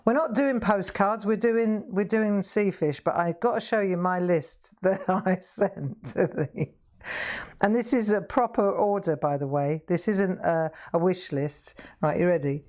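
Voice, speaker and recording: A woman's voice: mid-range voice, measured pace, a little mellow. A middle-aged woman chatting casually to viewers while crafting live, laughing often. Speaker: craft livestream host.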